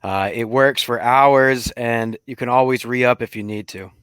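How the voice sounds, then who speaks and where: A man's voice: mid-range voice, fairly even intonation, measured pace, fairly bright tone, smooth, no echo. A man co-hosting a casual sports chat, laid-back and easygoing, mostly backing up the others. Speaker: podcast co-host.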